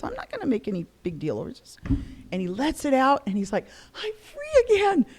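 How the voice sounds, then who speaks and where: Middle-aged woman, casual storytelling, animated delivery, acts out quoted voices. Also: mid-range voice. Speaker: guest discussing spirituality.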